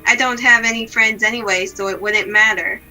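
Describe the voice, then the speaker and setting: A woman reading aloud the lines of a gloomy, self-blaming young woman from a visual novel, in a slow, subdued, melancholy way. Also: a little high, fairly even intonation, sharp tone, faint music behind, low-quality recording.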